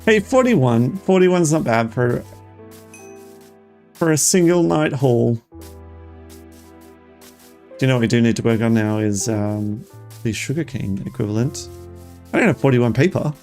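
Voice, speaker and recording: Gravelly, lively streamer chatting with viewers. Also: medium pitch, a little slow, long pauses, faint music behind. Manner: excitable, chatty, talks to viewers. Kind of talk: live gameplay commentary.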